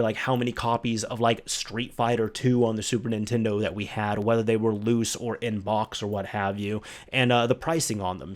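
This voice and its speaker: A man's voice: medium pitch, a little mellow. A man hosting a solo podcast, telling a casual story full of "like" and restarts. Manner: chatty, full of "like" and restarts, acts out quoted voices. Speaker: podcast host.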